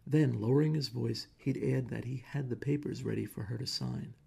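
A man reading a short story aloud in measured, plain narration. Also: medium pitch, steady tone, vocal fry, a little mellow, breathy edge.

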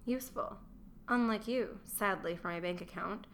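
A woman reading the lines of a gruff, middle-aged Roman merchant who is contemptuous of his wife, in a scornful, grumbling manner, as an audiobook character voice. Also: mid-range voice, moderate pace, a bit bright, a little hiss or hum, natural voice.

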